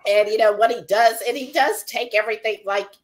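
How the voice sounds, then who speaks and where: A woman co-hosting a casual live stream. She chats in a lively way and reads viewer comments aloud. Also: fairly high pitch, fairly quick. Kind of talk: casual chat.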